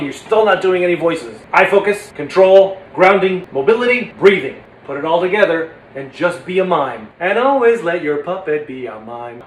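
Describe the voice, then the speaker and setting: A man teaching puppetry in a casual, energetic, demonstrative way. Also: sits high, reverberant, slight background noise. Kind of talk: casual instructional talk.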